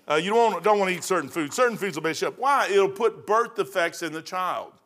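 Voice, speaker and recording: A man in his sixties preaches in a folksy, rambling manner, often wandering into joking asides. His voice sits somewhat high and has a bright, forceful edge. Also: animated, brisk. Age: 60s. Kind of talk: informal sermon.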